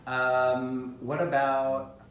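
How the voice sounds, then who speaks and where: A man in casual chat teasing his partner, filler-heavy and lively. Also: medium pitch, extremely slow, a little hiss or hum. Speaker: co-host, partner. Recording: echoey room, voice from far off.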